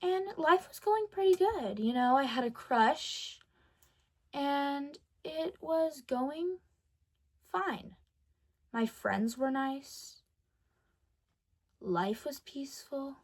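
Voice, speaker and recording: A teenage girl talks straight to camera in a casual diary vlog, her voice sitting high. She tells her story with dramatic swings, stops to correct herself, and rushes on. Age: teens. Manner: animated storytelling, dramatic ups and downs, self-correcting. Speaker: vlogger.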